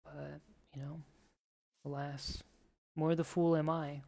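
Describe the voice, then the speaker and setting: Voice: mid-range voice, slow, gravelly. A streamer chatting casually while playing a game, telling rambling, joking stories. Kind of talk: casual chat while gaming. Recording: steady background noise.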